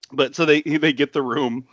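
A man's voice: on the high side, a bit bright, dry recording, lo-fi sound. A man hosting a podcast who retells a film in casual chat, laughing often and swearing freely. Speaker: podcast host.

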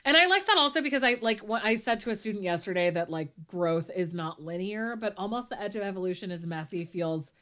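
A woman's voice: mid-range voice, a little fast, few pauses, pushed and bright. A woman co-hosting a casual podcast chat, thinking aloud, sometimes ranty, often trailing off and restarting her sentences. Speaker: podcast co-host.

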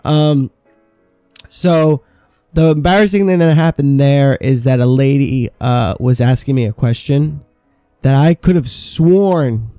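A man's voice: medium pitch, measured pace, warm tone, clear, resonant tone, dry recording, faint music behind. A man in his thirties, a podcast co-host, telling stories about old jobs in casual chat, swearing freely. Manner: swearing, storytelling with quoted asides.

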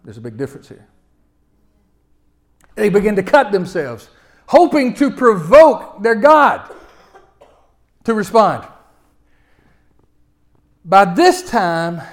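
Animated preacher with a high voice. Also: male voice, a little slow, long pauses. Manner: animated storytelling, swinging from loud outbursts to quiet asides. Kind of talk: sermon.

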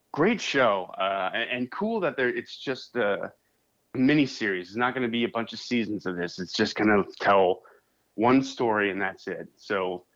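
Low-voiced laid-back podcast guy. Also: fairly bright tone. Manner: loose and laughing, swears casually. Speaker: podcast co-host. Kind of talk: casual chat. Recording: muffled lo-fi sound.

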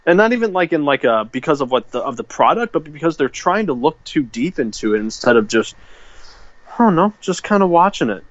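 A man with a slightly high, sing-song voice co-hosts a podcast, speaking fairly quickly in loose, rambling chat. He leans on fillers and keeps restarting sentences, and the muffled audio carries no room sound.

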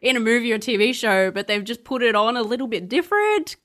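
A woman's voice: a little high, expressive, fast, fairly bright tone. A woman podcast host from Australia, chatting with a guest in a bubbly way and laughing often. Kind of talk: casual interview chat.

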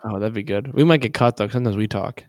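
A man co-hosting a podcast in casual chat, easygoing and agreeable, reading aloud a little haltingly. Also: lowish voice, a little mellow, dry recording, studio quality. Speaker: podcast co-host.

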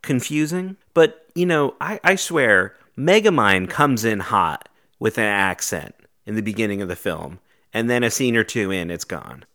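Dry joking guy on a podcast, lowish voice, casual chat. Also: sing-song, moderate pace, pushed and bright. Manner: wry, joking hot takes. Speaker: podcast co-host.

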